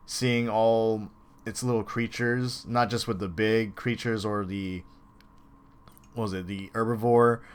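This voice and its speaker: A man hosting a reaction video, talking casually and excitedly with lots of fillers and restarts. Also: mid-range voice. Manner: rambling, excited, many fillers.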